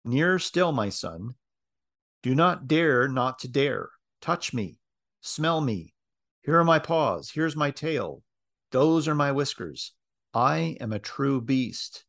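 A man's voice: mid-range voice, sing-song, unhurried, no echo, clean studio sound. A man voicing a great male lion, majestic, stern yet loving, with a solemn, grave delivery. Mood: tender, commanding.

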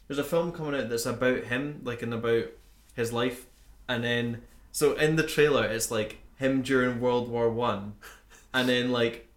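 A young man chatting casually as a podcast co-host, swearing a lot and ranting through animated stories. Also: medium pitch, normal speed, echoey room. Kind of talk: casual chat.

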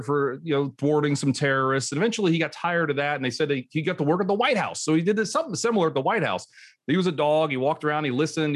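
A middle-aged man hosting a podcast, chatting casually and telling a long story with lively restarts. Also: mid-range voice. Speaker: podcast host.

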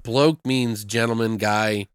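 A man's voice: on the low side, steady tone, slow pace, clear, resonant tone, no echo. Rambling man, dry close sound. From United States. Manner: rambling, frequent fillers and swearing. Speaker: podcast host reviewing films. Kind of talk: casual chat.

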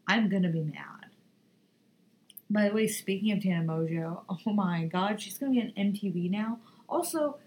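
A woman's voice: mid-range voice, brisk, a little mellow, a little hiss or hum, low-quality recording. Blunt, swearing young woman podcaster. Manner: blunt, swears freely, rambling. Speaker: podcast host. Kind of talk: casual chat.

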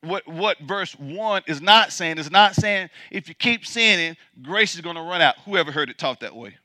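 A man preaches a sermon in a high, very bright voice. He drives his points home with emphatic repetition and shifts between loud declarations and hushed asides. The sound is close and dry. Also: lively intonation, moderate pace, no room sound. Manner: emphatic, repeats points for the congregation. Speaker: pastor.

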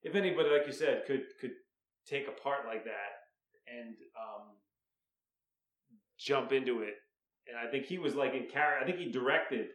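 A man's voice: medium pitch, moderate pace, long pauses, fairly bright tone. A man on a casual podcast telling anecdotes and acting out quoted lines. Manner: storytelling with quoted asides. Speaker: podcast co-host. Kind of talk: casual chat.

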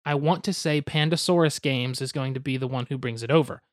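A man's voice: medium pitch, a little fast, no room sound, clean studio sound. A young man hosting a podcast, explaining a card game step by step with goofy asides and hedges. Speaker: podcast host explaining board games.

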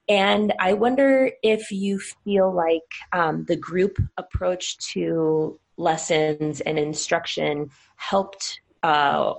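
A woman's voice: low voice, creaky. A woman podcast host asking a guest a long, carefully phrased question.

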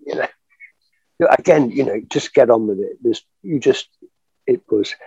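An older actor reminiscing in an interview, telling animated stories with frequent laughter and fillers. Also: male voice, mid-range voice, normal speed, vocal fry, slightly rough, no echo, lo-fi sound. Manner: chatty, animated storyteller, laughs often, many fillers. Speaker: actor guest.

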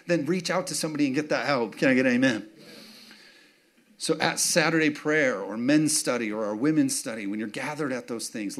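A man preaching a sermon in a casual, story-driven way, repeating key phrases and asking the congregation for amens. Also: mid-range voice. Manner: conversational, repeats phrases for emphasis, asks for amens. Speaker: pastor. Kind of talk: sermon with personal stories.

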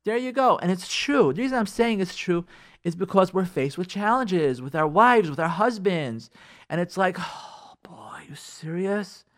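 A man's voice: sits high, normal speed. A male radio show host telling a story on air in a rambling, conversational way, acting out the dialogue of the people in it. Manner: animated, acts out quoted dialogue in the stories; rambling, with frequent fillers and restarts.

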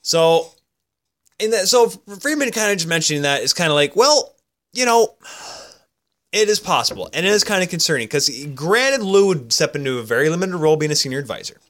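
A man's voice: a little high, animated, fast, fairly bright tone. A man co-hosting a casual podcast, rambling through goofy stories and sports talk. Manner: rambling, goofy, self-interrupting storyteller. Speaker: podcast co-host.

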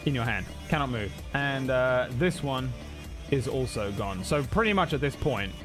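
Male game master, mid-pitch, casual narrating with music behind. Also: lively intonation, normal speed. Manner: casual, laughs often, filler words. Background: background music.

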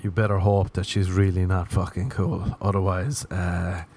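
Young male comedian, slightly low voice, rambling profane monologue, sarcastic. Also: level tone, normal speed, a little mellow, a little hiss or hum. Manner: profane, sarcastic, laughs at own jokes.

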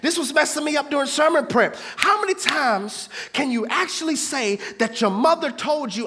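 A man in his thirties preaching a sermon as pastor, swinging between hushed asides and shouted points with the congregation. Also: extremely high pitch, animated, moderate pace, few pauses.

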